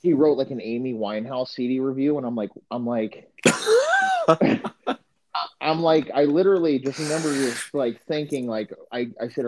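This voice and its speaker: A man's voice: mid-range voice, sing-song, moderate pace, slight background noise, poor audio. A man, a podcast co-host and former football coach, telling crude stories in casual chat with many restarts.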